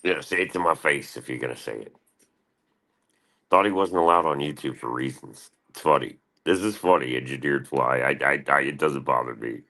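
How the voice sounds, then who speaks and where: A man streaming live, rambling in a profane, casual rant and mimicking other people in higher voices. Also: moderate pace, sharp tone. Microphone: streaming mic.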